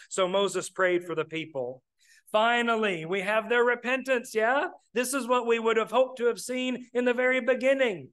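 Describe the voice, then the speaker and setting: A man's voice: high-pitched, moderate pace, a bit bright, smooth. A man preaching a sermon, plainspoken, often calling his listeners "brethren". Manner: plainspoken, addresses the congregation as brethren.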